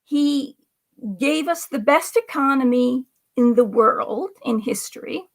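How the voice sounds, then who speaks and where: Woman, high voice, gravelly, livestream host, rambling sarcastic political commentary, indignant, drops into whispers. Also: slow. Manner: indignant and sarcastic, with repeated asides and dropping into whispers.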